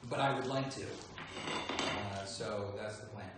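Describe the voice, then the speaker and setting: A man answering fan questions in a relaxed, joking livestream chat. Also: fairly low pitch, takes it slowly. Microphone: phone some distance away. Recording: echoey room, voice from far off, faint background noise.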